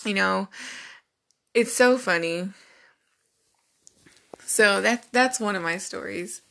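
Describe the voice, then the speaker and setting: A young woman hosts her own podcast, telling her stories straight to the mic in a loose, unscripted monologue. Her voice sits at a middle pitch with a steady gravelly fry running through it. She talks bluntly and profanely and laughs often. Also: takes it slowly. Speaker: podcast host. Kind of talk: casual storytelling monologue.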